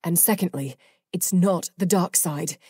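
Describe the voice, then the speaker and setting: A woman's voice: on the low side, a little slow, dark tone, slightly rough, no echo, studio quality. A woman voicing Ajax, a cocky young male fallen angel in an audiobook, with a smug, taunting manner. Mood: defiant.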